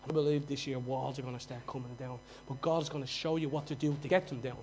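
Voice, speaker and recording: A man with a Dublin accent preaching a sermon, moving from quiet, conversational asides to loud, mocking outbursts. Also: mid-range voice, fairly even intonation, fast, a little hiss or hum, low-quality recording. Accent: Dublin Irish. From Dublin, Ireland.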